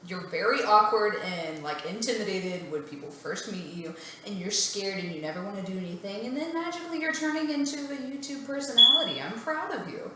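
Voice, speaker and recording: A woman's voice: medium pitch, lively intonation, a little fast, few pauses, noisy background. A young English woman with an English accent, a guest actress trading dry, teasing jokes in a comedic interview. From England. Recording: echoey room.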